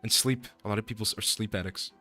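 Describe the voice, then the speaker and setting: A man's voice: lowish voice, fairly even intonation, quick pace, pushed and bright, faint music behind. A man streaming as a voice actor, chatting casually, joking and rambling and swearing freely. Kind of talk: casual livestream chat.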